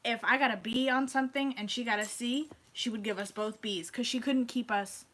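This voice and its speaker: A woman's voice: on the high side, fairly quick, rough recording. A young woman telling stories and joking while crafting with her mother. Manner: animated storyteller, giggly. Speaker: co-host, daughter. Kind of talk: casual chat while crafting.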